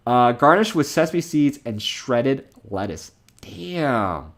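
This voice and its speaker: A man's voice: medium pitch, animated, takes it slowly, slight background noise. A young man streaming a game from home, chatting casually, rambling and laughing as he reads chat comments aloud.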